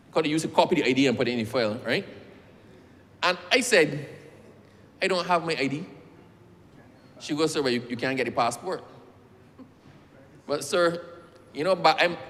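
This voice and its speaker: In a large legislative chamber with a long echo, a Barbadian-accented member of parliament tells a story during a speech, addressing the chair as sir. His voice is mid-range and fairly bright, with slight background noise.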